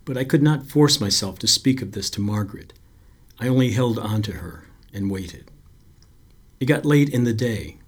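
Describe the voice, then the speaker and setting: A man narrating a story aloud in a slow, quiet, brooding delivery. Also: lowish voice, animated, husky.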